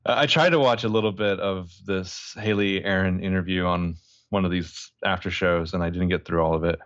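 A joking man co-hosts a podcast in a loose, animated chat. His voice sits a little low and sounds dry, with a dull, slightly lo-fi tone. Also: moderate pace, no echo. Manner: animated, joking, with swearing and laughs. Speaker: podcast co-host. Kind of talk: casual chat.

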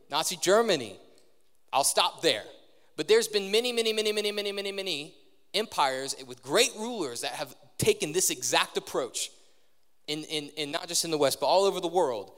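Young male preacher, higher voice, casual sermon with crowd questions, long church-hall reverb. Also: fairly bright tone. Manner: conversational, quizzes the audience. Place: large church hall with live audience.

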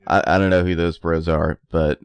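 A man co-hosting a casual podcast, teasing his partner in a dry, deadpan, passive-aggressive way. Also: low voice, moderate pace, smooth, no room sound. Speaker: podcast co-host.

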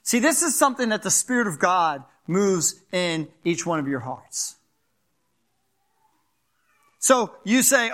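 An older male pastor with a Philadelphia accent preaches in a fast, animated way and keeps checking in with his listeners. His voice sits high for a man and has a bright, forceful edge. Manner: animated, fast-talking, asks the crowd "right?". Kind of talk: sermon.

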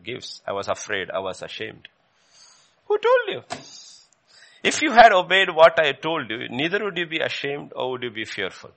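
A man's voice: medium pitch, gravelly, sharp tone. A male preacher giving a sermon, emphatic, repeating phrases and rising sharply whenever he quotes questions from scripture.

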